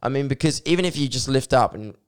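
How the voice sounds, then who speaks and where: A man's voice: medium pitch, expressive, quick pace, smooth. A man in casual sports chat, eager and piling up phrases as he builds his point. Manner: enthusiastic, stacks phrases with like and just.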